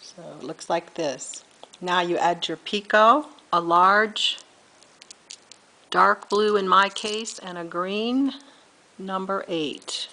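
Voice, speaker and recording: A woman's voice: mid-range voice, slow, bright, forceful tone, poor audio. A middle-aged woman giving a patient step-by-step beading tutorial, counting beads aloud and correcting herself as she goes. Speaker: beading instructor.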